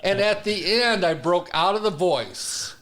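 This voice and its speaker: A man, a stand-up comedian, telling stories in a casual studio interview, quick and chuckling. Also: sits high. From Detroit area. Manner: animated storyteller, quick and chuckling.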